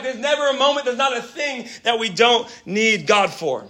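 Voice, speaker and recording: High, bright-voiced young preacher. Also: male voice, moderate pace. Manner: animated, swings between quiet asides and shouting; casual slang, calls listeners bro and man. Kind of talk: energetic sermon. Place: church gathering hall. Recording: echoey room.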